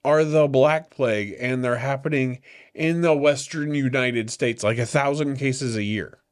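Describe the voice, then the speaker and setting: A man's voice: a little slow, smooth. A man with a stuffy cold, chatting playfully with his partner as a podcast co-host. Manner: playful, teasing, bursts into high sung mock-screams. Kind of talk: casual couple chat.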